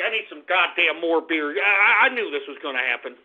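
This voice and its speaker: A man hosting a call-in radio show, abrasive and yelling insults at his callers, heard with a tinny lo-fi sound. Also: a little high, lively intonation, brisk. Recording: tinny lo-fi phone-line sound.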